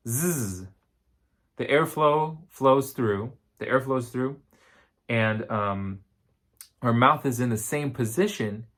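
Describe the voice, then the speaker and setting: A man with a tired voice giving a recorded singing lesson, explaining step by step and singing short demo words. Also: medium pitch. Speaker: voice teacher.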